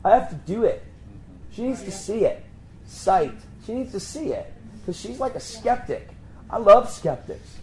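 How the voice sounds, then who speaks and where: A man preaching, telling a story and acting out the voices of the people in it with sudden high jumps in pitch. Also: lively intonation, a little slow, low-quality recording. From Pennsylvania. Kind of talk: storytelling sermon.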